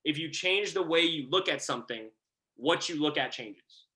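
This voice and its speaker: A man's voice: on the high side, expressive, normal speed, pushed and bright. A man giving a motivational team training over a call, hyping his audience with slang, repeated slogans and constant "right?" tags. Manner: hype, repeats lines, asks the audience to write things down. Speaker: network marketing coach.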